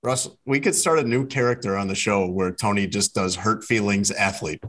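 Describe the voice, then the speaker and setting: A man co-hosting a casual sports talk show, teasing the others with quick comebacks. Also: lowish voice, a loud crowd.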